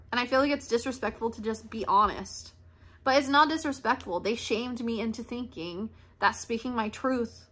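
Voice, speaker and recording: A woman's voice: a little high, pushed and bright. A young woman venting in a candid, emotional monologue, blunt and swearing freely. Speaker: podcast host.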